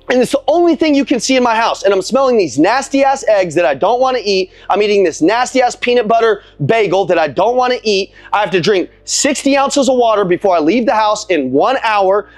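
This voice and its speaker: High-voiced blunt profane motivational man. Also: dry recording. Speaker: motivational speaker. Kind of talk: motivational coaching call.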